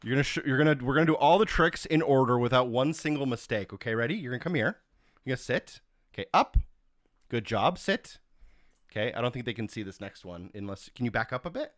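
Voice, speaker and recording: A male streamer in his home office, chatting casually with viewers and coaxing his dog through tricks with high, sing-song commands. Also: animated, fast, dry recording, clean studio sound. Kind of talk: casual live stream chat.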